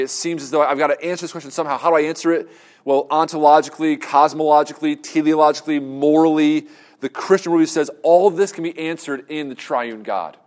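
A man giving a talk on faith and ethics, earnest and conversational, asking rhetorical questions and restarting his phrases. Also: mid-range voice. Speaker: speaker on Christian apologetics. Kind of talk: lecture with audience Q and A.

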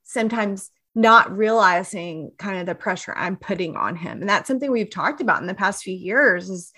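A woman's voice: mid-range voice, expressive, moderate pace, bright, forceful tone, husky. A woman hosting an interview, asking questions and sharing her own experience in an empathetic way. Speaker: podcast host. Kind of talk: interviewing, casual chat.

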